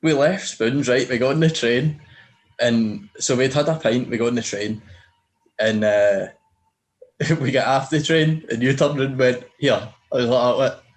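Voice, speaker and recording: A man's voice: mid-range voice, measured pace. A young man hosting a podcast, teasing his friend and swearing freely in casual chat. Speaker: podcast host.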